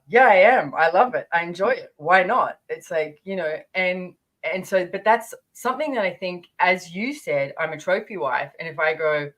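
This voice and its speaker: A woman's voice: fairly low pitch, expressive, normal speed, few pauses, fairly bright tone. A woman in her fifties, a podcast guest, talking frankly and candidly in a casual interview, swearing freely and restarting her sentences. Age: 50s.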